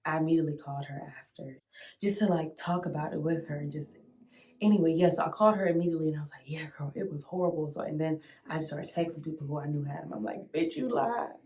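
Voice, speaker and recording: A young woman vlogger casually telling a dramatic storytime, full of slang, sudden squeals and loud outbursts. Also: deep voice, fast talker.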